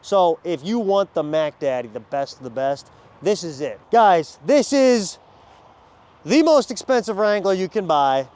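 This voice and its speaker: Guy on a car lot hyping up jeeps, chatty and upbeat, kinda high voice, outdoors. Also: unhurried, clear, resonant tone. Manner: energetic, chatty, addresses viewers as guys. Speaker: car salesman at a dealership. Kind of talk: casual vehicle walkaround.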